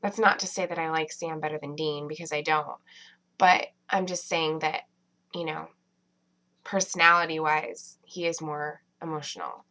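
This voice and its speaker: A woman talks through a TV episode at home in an easygoing, meandering way, filling pauses with fillers and circling back on herself. Her voice sits a little low for a woman, yet it comes across bright and forceful. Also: fairly even intonation, poor audio. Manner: chatty, many fillers and restarts. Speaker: TV episode reviewer. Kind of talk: casual rambling review.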